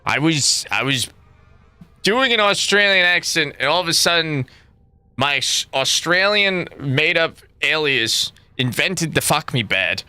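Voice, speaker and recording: A man's voice: on the high side, animated, a little slow, bright, forceful tone, smooth, dry recording. A young man streaming a game, chatting casually with viewers in a rambling, profane way that keeps breaking into laughter. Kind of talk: casual livestream chat.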